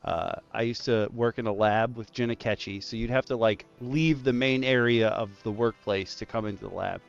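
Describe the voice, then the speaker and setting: A man hosting a casual roundtable stream, telling stories with lively jumps in his voice. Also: lowish voice, moderate pace, gravelly, muffled recording. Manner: animated storyteller, voice jumps up in punchlines. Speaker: stream host, dungeon master.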